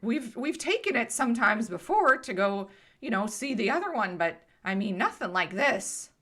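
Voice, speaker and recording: A woman voicing a timid, simple pony who talks in halting, rambling bursts. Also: fairly high pitch, very animated, a bit bright. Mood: plaintive.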